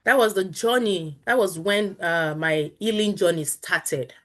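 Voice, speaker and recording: A woman's voice: lowish voice, a little slow, a bit bright. A woman in her thirties from Nigeria with a Nigerian accent, a guest telling a personal story candidly and earnestly, with Pidgin phrases mixed in. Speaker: interview guest.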